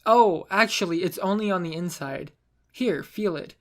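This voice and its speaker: A man's voice: sits high, normal speed, fairly bright tone. A man doing a sultry flirtatious mermaid woman. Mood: playful. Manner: sultry, teasing.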